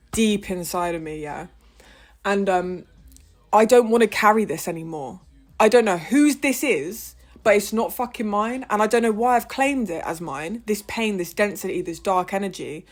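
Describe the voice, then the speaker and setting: A woman, talking frustratedly and emphatically in a heated personal monologue and swearing often. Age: 20s. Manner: impassioned, with big swings in pitch and loudness. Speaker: vlogger.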